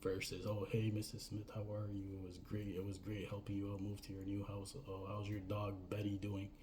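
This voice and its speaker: A man's voice: lowish voice, completely flat delivery, fairly quick, noisy background. A man giving casual business advice in a rambling way, often tagging his points with "right?" and "you know." He. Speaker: business coach.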